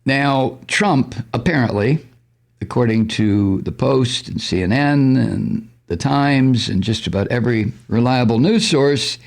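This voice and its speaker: A man hosting a political talk radio show, sarcastic and profane, with mocking laughs and loud exclamations. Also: mid-range voice.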